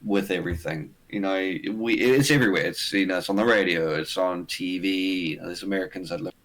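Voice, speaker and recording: A man's voice: sits low, brisk, a bit bright, rough recording. A man with a South African accent, chatting as a guest on a stream, often hesitating and restarting his sentences between laughs. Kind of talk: casual chat on a stream.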